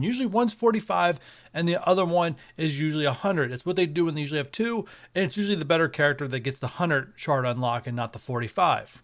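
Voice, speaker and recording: A mobile game video creator talks casually to his viewers over screen capture, chatting and speculating as he walks through game updates. His voice is fairly high.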